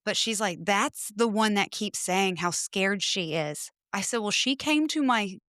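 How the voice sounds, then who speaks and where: Bright-voiced chatty woman, dry close sound. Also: mid-range voice, unhurried, dry recording. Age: adult with children. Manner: chatty storyteller, animated retelling of conversations. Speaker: podcast guest. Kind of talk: casual chat. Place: home studio.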